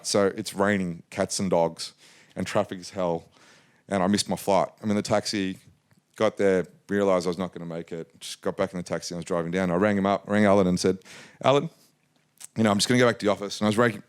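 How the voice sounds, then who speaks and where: A man in his forties from Australia, a business guest telling lively anecdotes in a casual interview and acting out quoted lines. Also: low voice, clean tone. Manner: animated anecdotal, acts out quotes.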